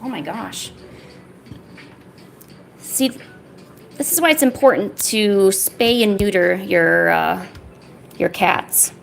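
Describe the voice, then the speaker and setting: Woman on a home art stream, playfully razzing her cat, mid pitch, some faint hiss behind. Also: slow pace, vocal fry, long pauses. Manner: playfully teasing, scolds her cat in a mock-stern voice. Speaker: art livestreamer. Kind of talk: casual livestream chat.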